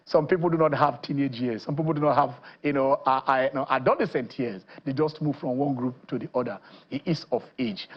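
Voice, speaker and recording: Man, from Nigeria, sports show host, rambling and lively, dull broadcast audio. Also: on the high side, breathy edge. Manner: lively, rambling, many fillers and restarts. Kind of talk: TV sports show chat and interview. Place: TV studio.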